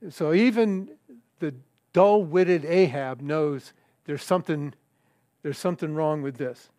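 An older man preaching a sermon, reading scripture and telling a story in a halting, conversational way with fillers and restarts. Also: fairly high pitch, darkish tone, no room sound, studio quality.

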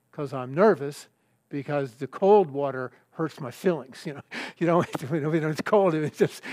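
An older man preaching a sermon, reading scripture and telling a story in a halting, conversational way with fillers and restarts. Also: fairly high pitch, no room sound, clean studio sound.

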